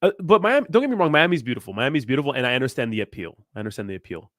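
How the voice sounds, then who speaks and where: Reading viewer comments aloud, a young SoCal man hosting a crypto stream jokes, laughs, and chats crudely at a rapid-fire clip. His medium-pitched voice is very animated and a bit bright, recorded at studio quality with no room sound.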